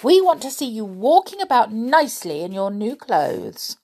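A woman's voice: fairly high pitch, big pitch swings, moderate pace, warm tone, pitched above the performer's own voice. A woman doing a naughty, stubborn doll. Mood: bossy. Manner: bossy, headstrong.

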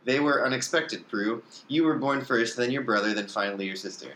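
A man reads a story aloud in a middle-pitched voice. He lifts his pitch and pushes harder for the characters' lines, now and then stumbling and starting a line over. The room around him is echoey. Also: a little fast, fairly bright tone. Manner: reads character lines with raised pitch and emphasis, occasional slips and restarts. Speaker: reader of fan fiction.

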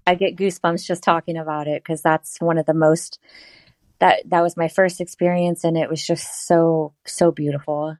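A woman telling a personal story in an interview, animated and laughing often as she acts out what she said at the time. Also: deep voice, normal speed, no room sound, low-quality recording. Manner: animated, laughs often, acts out her own past lines. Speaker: guest.

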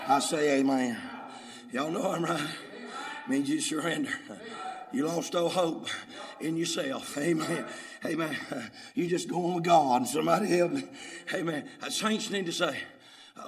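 Preacher guy, high voice, goes from mumbling to shouting, echoey church hall, bit of hiss. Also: expressive, normal speed, creaky, pauses often. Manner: call-and-response preaching that swings from murmured to shouted. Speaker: pastor. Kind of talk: sermon. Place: church sanctuary. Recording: echoey hall with faint noise.

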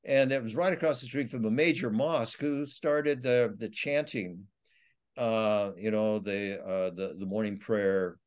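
A man's voice: fairly low pitch, a little slow. A man, an author being interviewed, telling his survival stories in a rambling way with many restarts. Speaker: author and guest. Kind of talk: storytelling interview.

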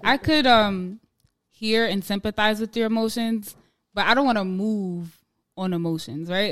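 A woman's voice: medium pitch, unhurried, no room sound. Reflective woman in podcast chat. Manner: reasoned, reflective, frequent "right?".

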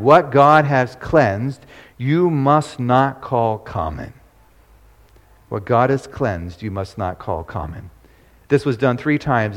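A man leading an interactive Bible study, quizzing his listeners and repeating key points. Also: mid-range voice. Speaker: Bible teacher. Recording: long hall reverb.

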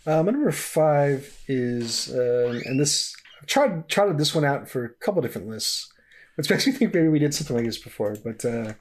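A man co-hosting a casual podcast chat, talking in halting restarts and laughing often. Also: fairly high pitch, sing-song, a little hiss or hum. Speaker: podcast co-host.

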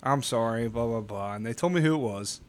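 A man in a casual podcast chat, winding through a story with stumbles and curse words. His voice sits at an ordinary middle pitch for a man. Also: a little fast. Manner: rambling storyteller, restarts and swears. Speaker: podcast co-host.

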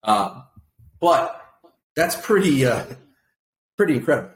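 Guy cohosting a podcast, animated and laughing, kinda high voice, echoey room. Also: a little slow. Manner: animated, laughing, mimics others. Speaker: podcast co-host. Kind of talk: casual political chat. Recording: echoey room with faint noise.

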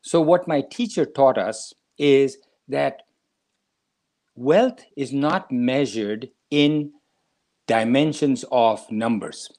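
A man's voice: mid-range voice, slow, darkish tone. A man from India, a spiritual teacher explaining scripture in a lecture, telling stories and speaking directly to the listener. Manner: storytelling, explanatory, addresses listener.

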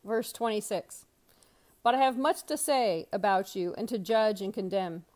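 A woman pastor reading Bible passages aloud, expressive, with brief lively asides. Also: mid-range voice, normal speed.

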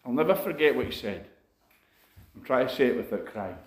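A man's voice: mid-range voice, big pitch swings, moderate pace, long pauses. A man preaching a sermon, telling a personal story in an earnest, conversational way full of asides. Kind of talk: sermon testimony. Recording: echoey room.

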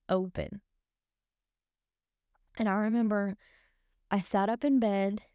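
A woman's voice: mid-range voice, a little mellow, smooth, dry recording, studio quality. A young woman co-hosting a podcast, casually and emotionally retelling a frightening night. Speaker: podcast co-host. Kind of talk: casual storytelling.

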